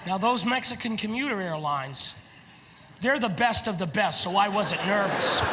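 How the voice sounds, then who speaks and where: High-voiced man doing stand-up in a big hall. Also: background noise. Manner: animated, shouting punchlines and acting out characters. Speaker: stand-up comedian. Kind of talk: stand-up comedy routine. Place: large theater stage. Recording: live theater with audience laughter.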